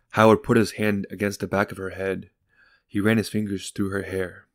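Low, gravelly male narrator. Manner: even, unhurried reading. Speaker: audiobook narrator. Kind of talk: calm scripted story narration.

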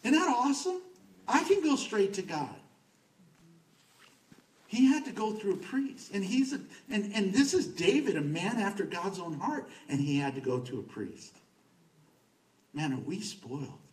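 A male pastor delivers a sermon in a conversational but emphatic manner, often repeating a word for stress. His voice sits high for a man. He was recorded from a distance in a church sanctuary with plenty of echo. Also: big pitch swings, normal speed.

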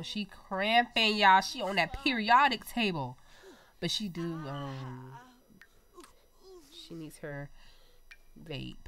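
A young woman hosting her own gaming channel, chatting excitably to viewers over gameplay while her nose is stuffy. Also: medium pitch. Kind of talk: casual gameplay commentary.

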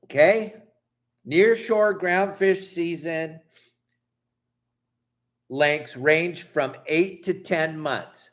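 Speaking slowly in a high, somewhat bright voice, a middle-aged fishing channel host from Southern California vents in an upset, heated vlog rant. He's angry and emphatic, swearing and apologizing.

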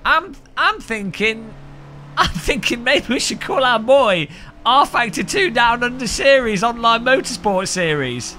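A man doing a squeaky, dithering Aussie mum. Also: animated, unhurried, sharp tone, slight background noise, exaggerated voice. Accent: mock Australian. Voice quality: squeaky falsetto. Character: Australian mother, mock-high and dithering.

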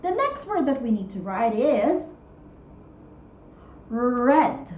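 A woman teaching young children to write, talking slowly and patiently in a sing-song teacher voice and stretching words out. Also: on the high side, very animated, a little mellow, reverberant, slight background noise, low-quality recording. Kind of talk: guided writing lesson for young children.

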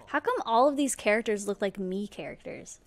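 A woman's voice: mid-range voice, expressive, brisk, soft background music. A young woman streaming a video game, chatting casually with her viewers, giggling often and using lots of fillers. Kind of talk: casual gameplay livestream chat.

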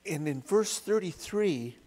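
A man's voice: high-pitched, expressive, dark tone. A man leading a church Bible study, retelling the story in a conversational way and asking the group questions. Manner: unhurried, conversational storytelling with acted quotes.

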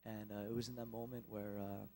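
A young man speaking at a church, telling a personal testimony in a halting, emotional way with many restarts. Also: fairly low pitch, level tone, vocal fry, warm tone, low-quality recording.

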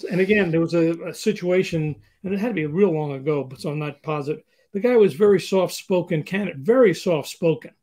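Older man giving lively hiring advice. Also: on the high side, fairly quick, few pauses. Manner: animated, acts out example dialogue. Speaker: interview guest, hiring consultant. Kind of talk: conversational advice in an interview.

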